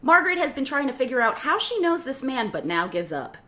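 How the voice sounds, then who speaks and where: A woman reading a screenplay's stage directions aloud in a play reading, with an expressive delivery. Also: sits high, brisk, full character voice.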